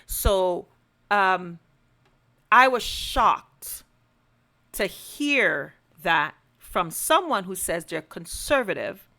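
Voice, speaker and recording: Woman podcast host, solo commentary, earnest, turns emphatic, mid-range pitch. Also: lively intonation, drawn-out words, bright, forceful tone. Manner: earnest, building to emphatic pleas. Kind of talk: direct-to-camera commentary.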